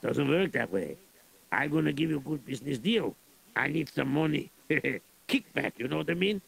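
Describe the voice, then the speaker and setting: A greedy general with a very gravelly voice, chuckling as he schemes, as a man puts him on. His pitch swings widely as he bargains in broken grammar. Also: expressive, moderate pace, exaggerated voice. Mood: scheming. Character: greedy blustering male Russian general.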